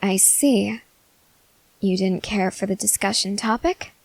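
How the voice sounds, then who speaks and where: A young woman voicing an obsessive, possessive queen in an ASMR role-play, talking softly and insistently. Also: mid-range voice, gravelly. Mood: sweet. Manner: slow, soft, controlling and insistent.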